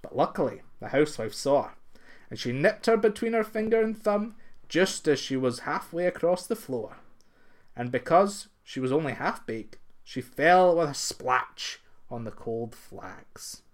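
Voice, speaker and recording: A man narrating a folktale in an expressive, lilting way. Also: a little high, a little slow. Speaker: storyteller.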